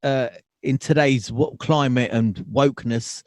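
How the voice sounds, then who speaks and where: A South London man with a mid-pitched voice hosts a casual podcast interview. He builds his questions slowly with plenty of fillers, and his voice sounds dry and close. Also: fairly even intonation, no echo. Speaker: podcast host.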